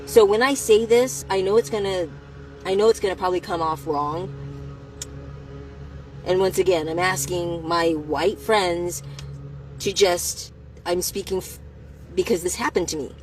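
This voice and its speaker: A woman telling a personal story to the camera, in a candid and profane way, speaking slowly at first and then getting heated. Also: on the low side, fairly even intonation, a little mellow, faint music behind, low-quality recording. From United States.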